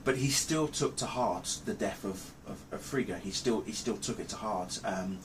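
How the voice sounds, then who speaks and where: A man recapping a film's plot in a casual review, rambling and halting with many ums and restarts. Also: on the low side, background noise. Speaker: movie reviewer. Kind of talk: casual spoken film review.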